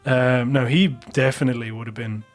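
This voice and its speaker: A man's voice: mid-range voice, fairly even intonation, fairly quick, soft background music. A man on a podcast telling a long, rambling anecdote with plenty of swearing. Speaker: podcast co-host. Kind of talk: casual podcast chat.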